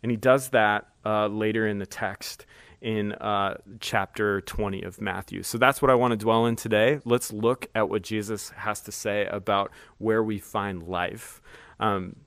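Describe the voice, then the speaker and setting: Low-voiced man preaching, dry sound. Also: fairly even intonation, unhurried, a bit bright, no room sound. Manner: conversational, with frequent fillers. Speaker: pastor. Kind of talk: sermon.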